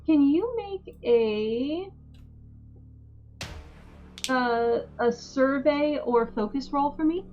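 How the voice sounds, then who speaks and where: Slow-narrating woman game master. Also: sits high, darkish tone, dull audio, soft background music. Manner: unhurried descriptive narration with many fillers.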